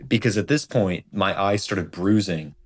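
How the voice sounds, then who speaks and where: A man's voice: sits low, unhurried. A young man telling a casual story from his childhood, rambling and padding his talk with "like" and "right?". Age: young adult. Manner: rambling, heavy on fillers like "like" and "right?". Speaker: storytime vlogger.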